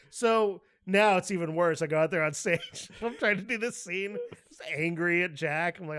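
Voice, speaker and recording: A man co-hosting a podcast, telling a story with lively acted-out quotes and frequent laughter. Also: high-pitched, normal speed, smooth. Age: adult, with a daughter. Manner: animated storyteller, laughs often, acts out quotes loudly. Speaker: podcast co-host. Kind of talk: casual chat.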